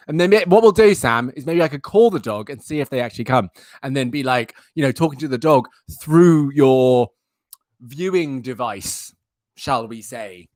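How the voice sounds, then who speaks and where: A man's voice: medium pitch, expressive, brisk, no room sound. A young man hosting a live stream, chatting in a playful, rambling, self-mocking way. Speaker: livestream host. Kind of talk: casual live-stream chat.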